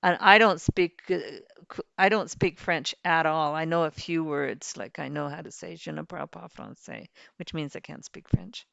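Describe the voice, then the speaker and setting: A woman's voice: deep voice, steady tone, normal speed, gravelly, a bit bright, smooth, no room sound, lo-fi sound. A woman hosting a game livestream, chatting and rambling cheerfully while she plays. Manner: chatty, rambling, laughs easily. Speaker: livestream host. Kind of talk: casual chat while playing a farming game.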